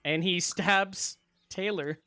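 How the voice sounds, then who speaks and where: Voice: mid-range voice, fairly even intonation, takes it slowly, sharp tone, dry recording. A game master narrating a tabletop game and explaining rules in a casual, patient way.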